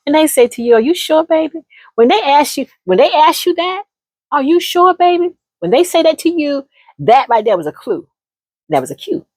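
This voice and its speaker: A woman spins a casual advice story straight to camera, laughing along and calling her listeners honey. Her husky, fairly high voice swoops all over the place, and the recording sounds close and dry. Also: dry recording. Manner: animated, laughs often, calls listeners honey. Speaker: storyteller giving relationship advice.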